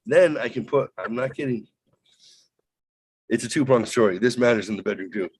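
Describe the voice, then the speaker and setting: A man hosting a podcast, telling a rambling, profane, animated story in casual chat. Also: mid-range voice, moderate pace, slight background noise, rough recording. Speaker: podcast host.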